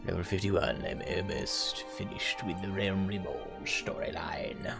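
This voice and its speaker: A man's voice: low voice, fairly even intonation, measured pace, creaky, loud music behind the voice. A man streaming a game live, chatting casually and rambling to his viewers.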